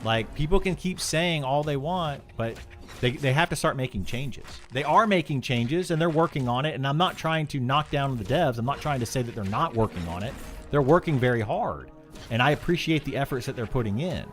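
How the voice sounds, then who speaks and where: A male streamer talking straight to his chat in a very animated, up-and-down voice, frank and opinionated. He stumbles and restarts his sentences as he gets worked up, with soft music playing under him. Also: medium pitch, brisk. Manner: frank and opinionated, reads chat aloud then answers; restarts and stammers when heated. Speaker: game streamer.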